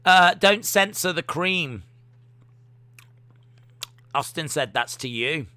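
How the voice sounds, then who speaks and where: A young man with a slightly high, expressive, sharp voice speaks slowly as he hosts a casual watch-along livestream. He's chatty and self-mocking, reading out chat messages and tossing in jokey asides.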